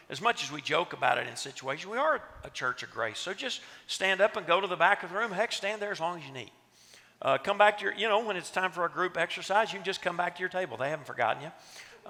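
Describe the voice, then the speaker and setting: A middle-aged man from West Texas, his nasal twang bright and a little gravelly, teaches a church leadership session and tells jokes at his own expense. His voice sits a touch high and carries the long reverb of a large hall. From West Texas, USA. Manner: self-deprecating, joking storyteller. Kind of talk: teaching talk to a seated audience.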